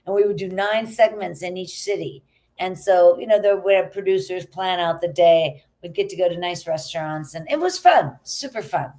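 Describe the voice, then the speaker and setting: A woman's voice: on the low side, moderate pace, a little mellow. A middle-aged actress, a woman, chatting casually as a guest and laughing easily. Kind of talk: casual interview chat.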